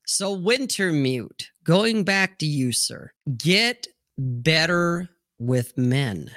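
A man's voice: fairly high pitch, expressive, drawn-out words, a bit bright, no room sound, studio quality. A man hosting a live stream panel, talking bluntly and swearing freely in a rambling, casual way. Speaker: livestream host. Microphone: streaming mic, remote call.

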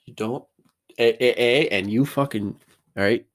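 A man's voice: mid-range voice, a little slow. A man vlogging from his bedroom in a loose, rambling monologue, swearing freely and cracking self-mocking jokes.

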